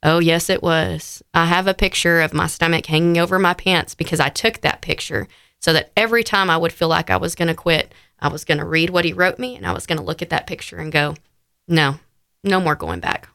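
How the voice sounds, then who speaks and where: A woman's voice: fairly low pitch, fairly even intonation, brisk, vocal fry, a bit bright, smooth, dry recording, clean studio sound. A woman, an interview guest sharing a personal story in heartfelt detail, with frequent fillers.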